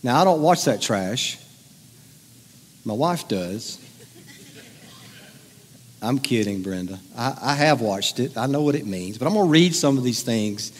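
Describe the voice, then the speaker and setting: Middle-aged male pastor, playful conversational sermon delivery, mid-pitched voice, reverberant hall sound. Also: expressive, a little slow, pauses often, breathy edge. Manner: joking, conversational, teasing the audience. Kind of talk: humorous sermon to a congregation. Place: church hall with audience.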